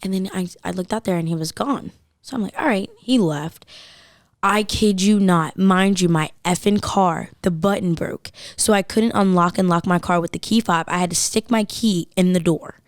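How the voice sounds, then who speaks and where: Podcast guest, woman in her 20s, animated storyteller, slightly low voice, dry booth sound. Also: moderate pace, no room sound. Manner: animated, says "like" a lot. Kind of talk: casual storytelling chat.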